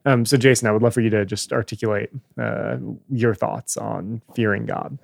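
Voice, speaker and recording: A man's voice: fairly low pitch, steady tone, normal speed, gravelly, no echo, clean studio sound. A man co-hosting a podcast, speaking hesitantly with frequent fillers and restarts. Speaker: podcast co-host. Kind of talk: casual podcast discussion.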